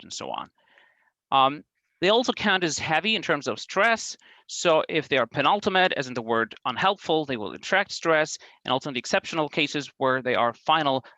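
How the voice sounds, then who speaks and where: Measured man giving an academic talk. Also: mid-range voice, bright, forceful tone, no echo, low-quality recording. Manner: careful, measured, with frequent um and uh fillers and restarts. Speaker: academic presenter. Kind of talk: conference talk on linguistics.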